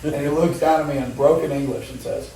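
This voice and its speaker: A man telling a wild story in casual talk, animated and swearing, laughing often. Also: on the high side, fast, gravelly, heavy reverb, far from the mic, a little hiss or hum, rough recording. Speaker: guest motorcycle rider.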